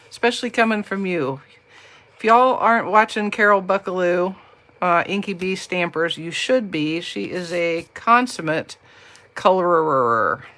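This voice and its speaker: A woman's voice: fairly low pitch, a bit bright. Chatty woman demoing crafts. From Southern US. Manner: chatty, jokey, talks to viewers. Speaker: crafting demonstrator. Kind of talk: live card-making demo.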